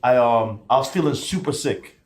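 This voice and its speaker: A man's voice: mid-range voice, moderate pace, a little mellow. A male co-host earnestly retelling a personal moment with quoted dialogue in a casual interview chat. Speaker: podcast co-host, colleague of the guest.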